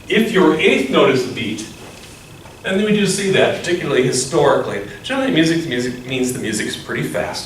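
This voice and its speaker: A man's voice: medium pitch, slight background noise. Male music teacher, explanatory lecturer who chants rhythms, recorded far from the mic in a very echoey room. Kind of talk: classroom lecture.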